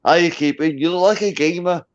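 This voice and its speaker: This livestream guest is a tipsy Scot who rambles in boisterous, drunken banter between hiccups. He speaks a little fast in a fairly high voice, and the recording is dull and lo-fi.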